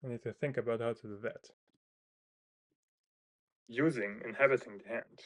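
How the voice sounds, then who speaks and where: A man's voice: medium pitch, fairly even intonation, normal speed. A man thinking aloud in a casual monologue, hesitant and full of fillers and restarts. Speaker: video creator.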